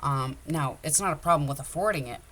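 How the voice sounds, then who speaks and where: Low-voiced woman rambling about crafts. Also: brisk, a bit bright. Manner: rambling, openly emotional. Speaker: craft vlogger. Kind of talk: casual livestream chat.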